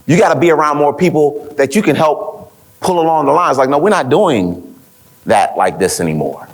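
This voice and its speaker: Man, motivational talk, live audience, lively swinging pitch, storytelling, rhetorical repeats. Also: moderate pace. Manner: rhetorical repeats, quoting others in lively voices. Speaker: speaker at an event.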